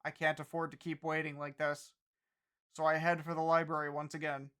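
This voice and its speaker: A streamer reading a visual-novel game story aloud with a steady, plain delivery. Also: mid-range voice, fairly quick, clear, resonant tone.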